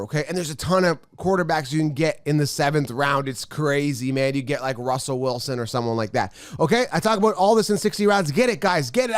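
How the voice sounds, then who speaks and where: A man's voice: high voice, no echo, clean studio sound. A man in his thirties hosting a fantasy football podcast, talking through a mock draft in a giddy, rambling, hyped-up way. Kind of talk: excited solo commentary on a mock draft.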